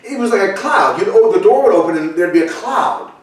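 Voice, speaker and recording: An older male pastor delivers a conversational sermon in an echoey church sanctuary, telling stories full of chatty asides and restarts. His voice is high-pitched, expressive and brisk, picked up from a distant, off-mic position.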